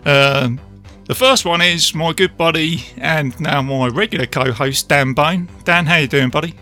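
A man's voice: a little high, measured pace, bright, forceful tone, soft background music. A man hosting a podcast, chatting casually with guests in a friendly, laughing way. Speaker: podcast host.

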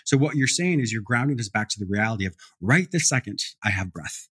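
Quick, lively-voiced male podcast host. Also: lowish voice, slightly rough, no room sound. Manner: enthusiastic, affirming, quick-talking. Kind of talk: casual interview chat.

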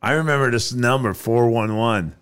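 A man's voice: medium pitch, moderate pace, a bit bright, smooth. A man co-hosting a podcast in casual chat, laid-back and profane, often answering with short reactions. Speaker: podcast co-host.

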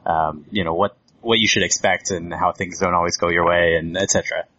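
A very deep-voiced man speaks thoughtfully and with a wry edge, pausing on ums as he works through his ideas. His sound is dull and muffled. The room around him is completely dry. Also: fairly even intonation, pushed and bright, dry recording. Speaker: podcast guest, analytics writer. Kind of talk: casual chat.

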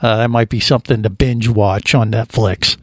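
A man's voice: lowish voice, steady tone, moderate pace, no room sound. A man hosting a radio show, chatting in a casual, rambling and joking way in a studio. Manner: jokey, rambling banter.

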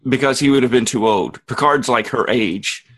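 A man co-hosting a podcast in casual chat, laying out theories in a laid-back, deadpan way. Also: mid-range voice, normal speed, rough recording. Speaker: podcast co-host.

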